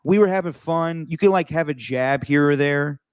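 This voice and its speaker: A man hosting a podcast, telling a travel story in a casual, animated way with frequent restarts. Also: a little high, normal speed, clear, resonant tone, no echo. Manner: animated, repeats words and restarts while telling stories. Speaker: podcast host.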